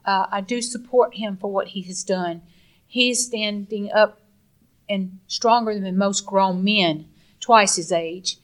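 A woman speaking as a guest in an interview, earnest and emotional, halting and restarting as she talks. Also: mid-range voice. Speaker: guest, mother of the subject.

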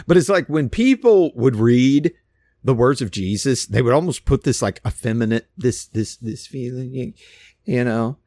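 A man preaching an informal sermon, emphatic and animated, with frequent restarts. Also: mid-range voice, normal speed, no room sound, clean studio sound. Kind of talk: casual sermon.

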